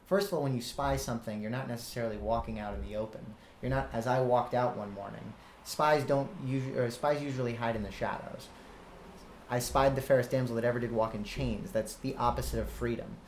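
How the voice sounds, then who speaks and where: A man's voice: mid-range voice, steady tone, fairly quick, slight background noise. Earnest young man analyzing lyrics. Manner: earnest, quotes lyrics with hesitations. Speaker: student interviewer. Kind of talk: analytical discussion. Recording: roomy echo.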